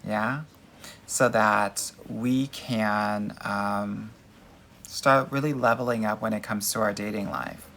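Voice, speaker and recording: A man's voice: on the low side, fairly even intonation, slow pace, fairly bright tone. Sassy man giving dating advice live. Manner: sassy and emphatic, calls viewers girl and honey. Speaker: dating coach hosting a live Q&A. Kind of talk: casual livestream chat answering viewer comments.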